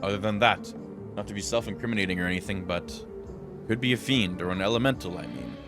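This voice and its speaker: A man with a low, deep voice streams a role-playing game and reads its dialogue aloud. He gives the characters different voices and drops dry comments of his own between lines. Quiet game music plays underneath. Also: lively intonation, fast talker. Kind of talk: reading game dialogue aloud with casual asides.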